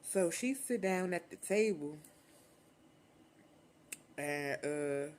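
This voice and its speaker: A young adult woman vlogger telling a storytime in casual, slangy, profane talk, animated and unfiltered. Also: on the low side, very slow, slight background noise.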